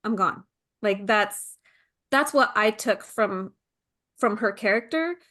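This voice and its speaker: A woman's voice: mid-range voice, slow pace. A woman who is a mother, a guest on a podcast, talking casually and animatedly about a film and acting out lines. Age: adult mother. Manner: animated, acts out quotes, many "like" fillers.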